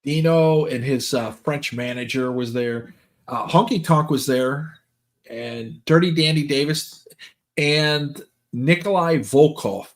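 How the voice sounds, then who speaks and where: A man's voice: a little high, slow pace. An older man chatting casually, rambling through stories and acting out what people said. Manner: rambling, lists names, acts out quotes. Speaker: podcast host. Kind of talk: casual storytelling chat.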